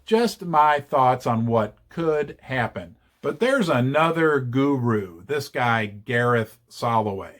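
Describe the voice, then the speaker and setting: A man's voice: mid-range voice, slow, few pauses. A man hosting his own channel, giving casual investing commentary with chatty, joking asides. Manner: chatty and animated, jokey asides. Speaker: channel host.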